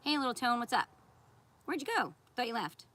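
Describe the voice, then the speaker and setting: A woman's voice: fairly high pitch, lively intonation, brisk, sharp tone. A woman live streaming who answers viewer chat in a blunt, scolding, sarcastic way. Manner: sarcastic and confrontational. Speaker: content creator on a live stream.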